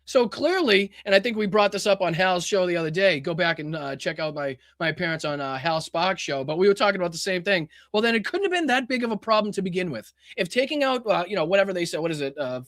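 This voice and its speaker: A man's voice: sits high, animated, quick pace, few pauses, a bit bright, dry recording, clean studio sound. A man hosting a podcast, reacting to clips in casual political commentary, incredulous, swearing and laughing as he talks. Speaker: podcast host.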